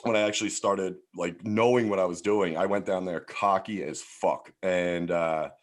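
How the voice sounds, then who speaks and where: Deep voiced philly guy in his 40s, swears a lot, rambly casual stories w lots of likes. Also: steady tone, normal speed. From Philadelphia, USA. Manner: loose and profane, lots of "like" fillers. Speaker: podcast guest, comedian. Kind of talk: casual storytelling chat.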